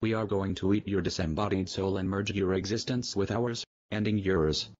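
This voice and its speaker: A cold, bloodthirsty male killer talks in a deep, deadpan voice. The recording is dry and a little muffled, with no room sound. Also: normal speed, no echo. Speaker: actor in a film.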